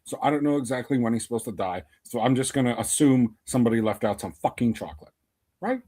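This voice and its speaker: A man's voice: mid-range voice, animated, quick pace, mellow. A man co-hosting a casual podcast, blunt and sarcastic, swearing as he complains. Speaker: podcast co-host. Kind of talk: casual review chat.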